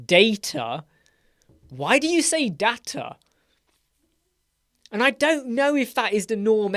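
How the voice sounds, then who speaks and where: A man's voice: on the high side, no echo, clean studio sound. Chatty, playful English man hosting. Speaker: web design live stream host. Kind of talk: casual live chat Q&A. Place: home room with a door.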